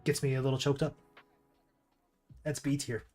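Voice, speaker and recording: A man's voice: mid-range voice, level tone, normal speed, darkish tone, soft background music. A man streaming casual commentary while ranking movies, rambling with restarts and asides.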